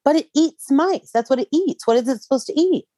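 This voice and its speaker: Lively, opinionated woman in casual chat. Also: high voice, brisk, no room sound, studio quality. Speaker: podcast co-host. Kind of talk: casual chat recapping a reality show.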